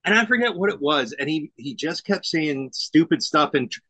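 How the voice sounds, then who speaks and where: Middle-aged guy, bright voice, kinda high, acting out what people said, dry close mic. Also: moderate pace, breathy edge, no room sound. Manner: animated storyteller who acts out quoted lines. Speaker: podcast guest. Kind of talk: casual conversation.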